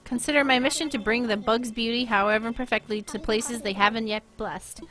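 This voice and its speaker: A woman's voice: on the high side, fairly even intonation, brisk, a bit bright, natural voice. A woman reading out a bug-loving artist villager. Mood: earnest. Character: earnest female bug-obsessed artist villager. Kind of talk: reading game text aloud.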